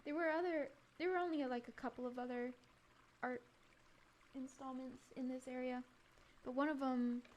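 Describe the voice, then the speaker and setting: Giggly high-voiced woman streamer. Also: fairly even intonation, normal speed, a little mellow, muffled recording, slight background noise. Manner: giggly, laughs often between remarks; chatty, rambling, restarts phrases. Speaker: live streamer. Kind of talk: casual chat over travel photos.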